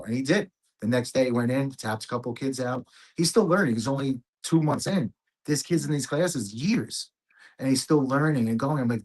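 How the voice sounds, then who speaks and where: A man's voice: medium pitch, moderate pace, breathy edge. A man speaking as a guest on a casual video call, upbeat and telling stories. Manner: upbeat, storytelling.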